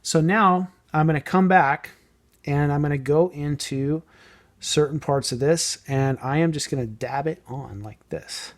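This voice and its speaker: A man casually explaining a painting technique as he works, thinking aloud and sometimes trailing off softly. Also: on the high side, unhurried. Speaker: model painting tutor. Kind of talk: casual hands-on painting tutorial.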